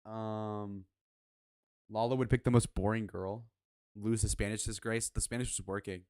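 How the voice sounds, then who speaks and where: A young man in his twenties giving casual reaction commentary, blunt, profane and quick to get worked up. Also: fairly low pitch, level tone, a little mellow, no room sound, studio quality. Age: 20s. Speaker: streamer reviewing his own speed date.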